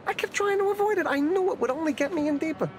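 A man's voice: very high-pitched, fast talker. An actor playing a neurotic, self-pitying man, talking in anxious, whiny, rambling complaints in a sitcom scene. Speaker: sitcom character. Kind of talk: sitcom acting. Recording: studio audience laughter over background noise.

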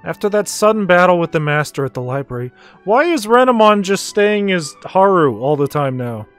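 A man's voice: sits high, big pitch swings, moderate pace, smooth, soft background music. A man streaming a video game, casual and wry, with offhand swearing and asides. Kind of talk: casual gameplay commentary.

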